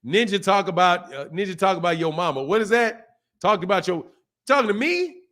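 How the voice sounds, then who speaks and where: A man hosting a boxing livestream, talking in a slangy, animated way and laughing often while reading out viewer messages. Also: sits high, brisk. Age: adult, a father. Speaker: boxing channel host. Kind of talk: casual livestream chat.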